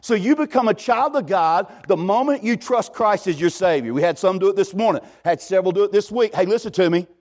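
A male pastor, preaching a sermon in a folksy, animated way and often calling out to the congregation. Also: sits high, fairly quick, few pauses. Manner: folksy, animated preaching with repeated "hey, listen to me".

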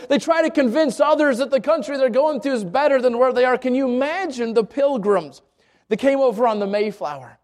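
A middle-aged male pastor telling a personal story in a sermon, with frequent restarts and repeated words. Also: extremely high pitch. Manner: storytelling with many restarts and stammers.

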